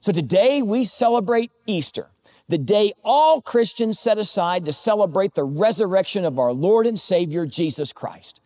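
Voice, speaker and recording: A man's voice: high-pitched, animated, moderate pace, a little mellow. Man preaching a conversational sermon. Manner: conversational preaching with jokes and a personal story. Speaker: pastor.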